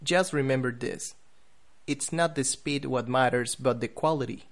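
A man teaching English pronunciation. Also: mid-range voice. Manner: careful, deliberate, spelling out example words. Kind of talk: podcast lesson.

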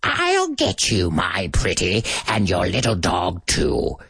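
A shrill, rasping old witch voiced by a man drags out her threats very slowly. Her voice swoops wildly between pitches, and it sounds dry and close. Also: wildly swooping pitch, a bit bright, no room sound, full character voice. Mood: menacing. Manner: shrill, drawn-out menace. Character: cackling evil old witch, woman.

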